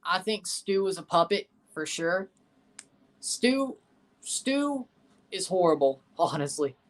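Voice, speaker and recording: Reacting to a soccer match on his watchalong stream, this host speaks slowly in a voice that sits high and swings widely in pitch. He fields chat replies bluntly, full of opinions, and keeps repeating himself.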